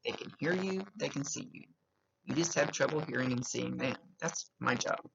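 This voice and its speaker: A woman's voice: rumbling low, normal speed, vocal fry, breathy edge. A woman psychic medium with a slight lisp, giving an earnest, reassuring reading and repeating key phrases. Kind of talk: giving a spoken reading to a client. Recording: dull lo-fi recording.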